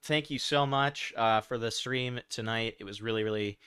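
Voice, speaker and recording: Weary male streamer, low-key and dismissive, bright clean tone, no room sound. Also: moderate pace, smooth, dry recording. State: tired. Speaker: streamer reacting to a video. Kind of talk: casual stream commentary.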